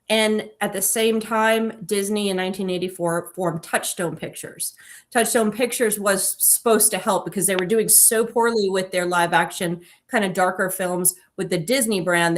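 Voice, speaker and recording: A woman co-hosting a casual film discussion, enthusiastic and digressive, often correcting herself mid-sentence. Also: medium pitch. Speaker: podcast co-host and author.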